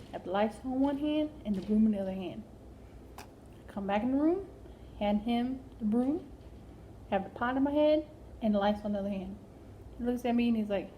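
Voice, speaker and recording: A woman's voice: a little high, dark tone, a little hiss or hum. A woman telling a comic story in a rambling way, full of fillers and "like". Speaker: comedian.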